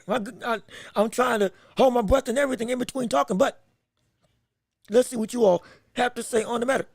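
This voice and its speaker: With hiccups, a very high-pitched podcast host calls a boxing match live, his creaky voice close on a dry mic without room sound. He's excitable and reacts fast to the exchanges, constantly restarting and correcting phrases as things develop.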